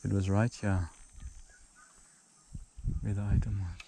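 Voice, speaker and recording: Young man narrating his own fishing trip outdoors, swings from loud exclamations to quiet murmurs, faint outdoor hiss behind him. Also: lowish voice, slow pace, gravelly. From Zimbabwe. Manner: excitable, exclaims and drops to murmurs. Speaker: angler vlogger. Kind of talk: casual outdoor fishing vlog. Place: outdoors at a small dam. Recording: outdoor recording with faint background noise.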